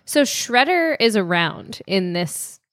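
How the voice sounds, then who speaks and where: A woman's voice: mid-range voice, very animated, slow, a bit bright, no room sound, studio quality. A woman on a comedy podcast panel, matter-of-factly explaining a cartoon's plot. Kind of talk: casual comedic chat.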